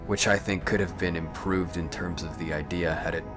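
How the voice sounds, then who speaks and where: A man with a low, deep voice delivers measured voice-over commentary on a game walkthrough. He weighs each point analytically and often hedges his opinions. Loud game music plays behind his voice the whole time. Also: fairly even intonation. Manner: thoughtful, analytical, hedging.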